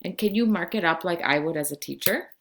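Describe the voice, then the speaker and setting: A woman in her forties from California, giving a recorded Spanish lesson to her class in slow, clear instructions. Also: fairly low pitch, fairly bright tone, a little hiss or hum. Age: 40s. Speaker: Spanish teacher.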